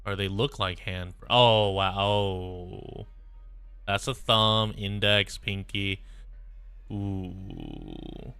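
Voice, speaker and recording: A man's voice: deep voice, expressive, drawn-out words, creaky, sharp tone, smooth, no echo. A man streaming, reading a game story aloud with musing, chatty asides.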